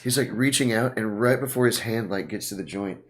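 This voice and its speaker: A man's voice: on the low side, fairly quick. Profane, rambling male podcast host. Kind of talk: casual storytelling chat.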